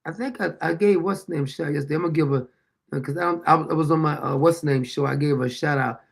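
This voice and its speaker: Gravelly high-voiced male livestream host. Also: quick pace. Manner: loose colloquial, chuckling often. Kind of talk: livestream commentary.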